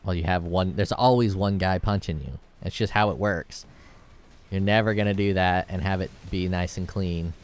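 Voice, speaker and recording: A man's voice: low voice, moderate pace. A man giving casual gameplay commentary, thinking aloud as he plays and rambling into jokes with the odd curse. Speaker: gameplay video creator.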